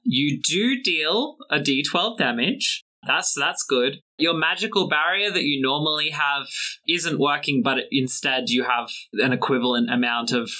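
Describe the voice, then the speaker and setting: Unhurried bright-voiced game master. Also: male voice, on the high side, poor audio. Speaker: game master and podcast host. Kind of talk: narrating a tabletop game. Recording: soft music under the voice.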